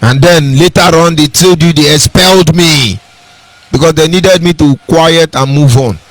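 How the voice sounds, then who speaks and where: Brief: high-voiced Nigerian man, emphatic radio broadcaster who preaches and repeats himself, close dry sound. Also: moderate pace, dry recording. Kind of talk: impassioned radio address.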